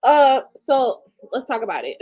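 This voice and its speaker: Late-30s woman on a live stream, kinda high voice, blunt and candid, swears casually. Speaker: livestream host.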